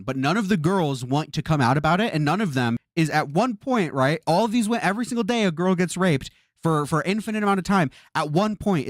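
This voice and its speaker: A man with a slightly high voice reacts on a live stream, exasperated, swearing often and repeating himself. The audio is studio quality with no echo.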